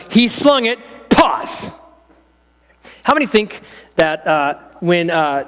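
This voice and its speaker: A man's voice: sits high, fairly bright tone. A male pastor telling a story to children in a church hall, in a playful way that draws in his listeners and helpers. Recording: long reverb in a hall.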